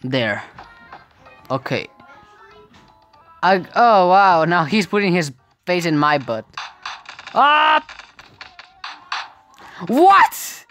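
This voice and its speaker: Exclaiming woman with lively pitch. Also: extremely slow, long pauses, soft background music. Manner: exclaims and laughs often, frustrated outbursts. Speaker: gaming video creator. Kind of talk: casual gameplay commentary.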